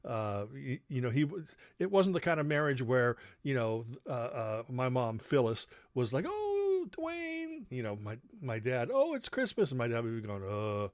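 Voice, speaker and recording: A man's voice: medium pitch, moderate pace, no echo, studio quality. A middle-aged man casually telling childhood stories, rambling with fillers and acting out quoted lines. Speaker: channel host. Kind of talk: casual storytelling.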